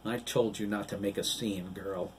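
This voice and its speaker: A man voicing a harsh, scolding middle-aged mother who speaks with low, clipped scorn, read from a distant microphone. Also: fairly even intonation, normal speed, slight background noise, natural voice. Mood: scornful.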